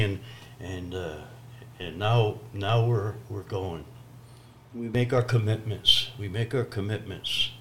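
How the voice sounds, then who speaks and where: A man telling his personal testimony story, swinging from loud emphasis to hushed near-whispers. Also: on the low side, a little hiss or hum.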